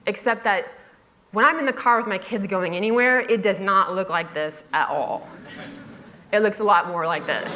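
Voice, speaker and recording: A woman's voice: medium pitch, moderate pace, sharp tone. A woman blogger telling a humorous story on stage. She speaks with wry, self-mocking comic timing, laughs through her own asides and mimics other people's voices. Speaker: blogger giving a talk.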